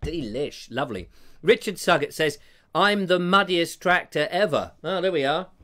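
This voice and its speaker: A man's voice: a little high, animated, moderate pace, pushed and bright. A man hosting a live stream, reading out viewer comments in a jokey, rambling, self-mocking way. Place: home room with a fire.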